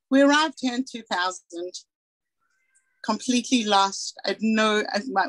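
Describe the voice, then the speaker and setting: Woman, 40s, from South Africa, personal talk, earnest, candid, mid pitch, dry close sound. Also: a bit bright, no room sound, low-quality recording. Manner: earnest, candid, acts out quoted dialogue. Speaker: guest speaker.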